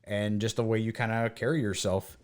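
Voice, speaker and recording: A podcast co-host from the United States, with a lowish voice and a fairly quick pace, chats casually. He relates his stories animatedly, voicing each person he quotes.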